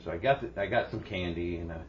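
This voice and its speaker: A man's voice: deep voice, quick pace, dull audio, a little hiss or hum. A man co-hosting a podcast, telling a rambling home story with frequent restarts and laughter. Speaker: podcast co-host. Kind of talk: casual storytelling chat.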